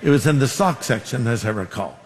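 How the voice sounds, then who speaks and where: A man's voice: medium pitch, expressive, fairly quick, slightly rough, in a large hall. A man preaching a sermon as pastor, making numbered points and telling stories with quoted dialogue.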